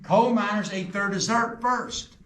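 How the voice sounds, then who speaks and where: A middle-aged man guides a group through an underground coal mine. He tells folksy stories and jokes, and his fairly high voice echoes off the tunnel walls. He is recorded from a distance, with some faint noise behind him. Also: a little slow, a bit bright. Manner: folksy joking storyteller, quizzes the group. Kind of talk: guided tour talk to a group.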